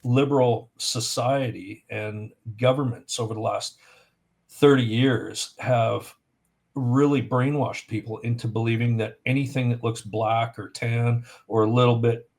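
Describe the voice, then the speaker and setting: A man from Canada, a podcast guest, telling anecdotes in a lively, conversational way. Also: medium pitch, measured pace, vocal fry. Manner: animated storyteller, acts out voices in anecdotes. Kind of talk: casual storytelling in a podcast.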